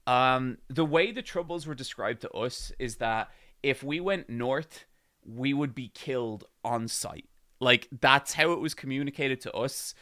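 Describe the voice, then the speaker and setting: A man's voice: mid-range voice, a little slow, sharp tone. An Irish man in his thirties telling a rambling story to his live-stream chat, swearing and getting worked up. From Ireland.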